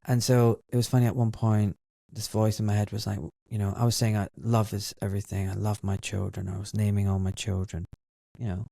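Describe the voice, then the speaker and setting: Man, middle-aged, gravelly, dark and mellow, reflective podcast host. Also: fairly low pitch, little pitch movement, a little fast, no room sound, clean studio sound. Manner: emotional, reflective storytelling. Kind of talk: conversational interview.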